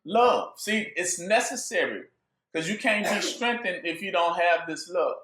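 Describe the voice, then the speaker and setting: Lively high-voiced man preaching. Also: a little slow, roomy sound, slight background noise. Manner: call-and-response questions, joking, laughing. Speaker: bible teacher. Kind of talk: informal sermon.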